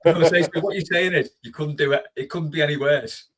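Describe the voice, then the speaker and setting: A man's voice: a little high, quick pace. A man hosting a casual podcast chat, reading out listener questions with a joking, chatty manner.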